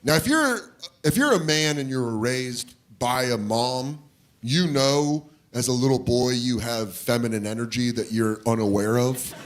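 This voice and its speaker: A man's voice: medium pitch, unhurried. A man performing stand-up comedy on stage, telling stories and acting out the voices of people in them. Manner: animated, acts out voices of people in his stories. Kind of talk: stand-up storytelling. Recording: live club set with audience noise behind.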